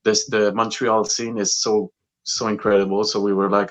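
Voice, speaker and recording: A man tells stories as a podcast guest. His voice sits low and the recording sounds dull and lo-fi. He rambles, restarting sentences and filling gaps with "uh" and "like". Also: flat delivery, moderate pace. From Quebec, Canada. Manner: rambling, many fillers and restarts. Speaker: guest musician. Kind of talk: casual storytelling interview.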